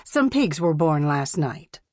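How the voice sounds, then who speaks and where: A woman voicing a calm, practical farm mother who speaks matter-of-factly and firmly, in a storybook audiobook. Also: deep voice, slow, no room sound, studio quality, exaggerated voice. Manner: matter-of-fact, firm. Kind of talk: audiobook character voice.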